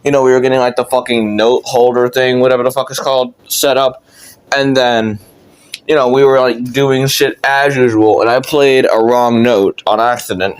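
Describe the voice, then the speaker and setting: A man's voice: medium pitch, steady tone, moderate pace, clean tone. A young man telling a childhood story in casual, rambling storytelling, with lots of fillers and swearing.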